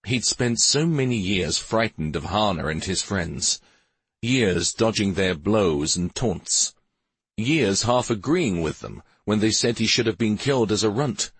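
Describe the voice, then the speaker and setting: Man reading a fantasy novel aloud, low husky voice, dry close sound. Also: fairly bright tone, no echo. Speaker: audiobook narrator. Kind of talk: scripted narration.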